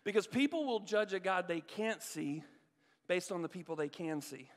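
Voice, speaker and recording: A man in his thirties preaching as a guest pastor, telling stories in an animated way and acting out the voices in them. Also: high voice, moderate pace. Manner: animated storytelling, acts out voices. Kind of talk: sermon. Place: church hall. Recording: long reverb of a church hall.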